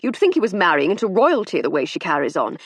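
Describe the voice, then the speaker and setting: A woman voicing a resentful, scornful man in an audiobook, grumbling loudly. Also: lowish voice, very animated, quick pace, breathy edge, no echo. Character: grumbling, snobbish middle-aged man. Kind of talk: audiobook character reading.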